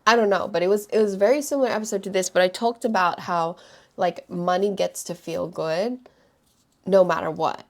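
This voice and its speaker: A woman's voice: on the low side, fairly quick. A woman hosting a solo podcast, talking in a chatty, reflective way with many "like" fillers. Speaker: podcast host.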